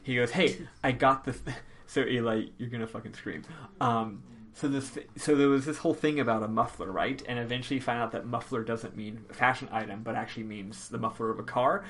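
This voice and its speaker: A man's voice: mid-range voice, brisk, a bit bright. Rambling, chatty male podcast host. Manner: rambling and chatty, lots of um and uh, laughs easily. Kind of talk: casual game recap chat.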